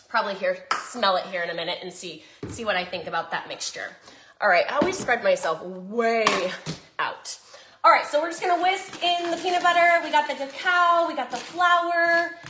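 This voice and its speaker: A woman's voice: high-pitched, bright, forceful tone, reverberant, slight background noise. A woman with a Southern accent chatting casually as she cooks in her home kitchen, talking to her viewers. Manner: chatty, bubbly, talks while cooking. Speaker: cooking vlogger. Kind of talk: casual cooking chat.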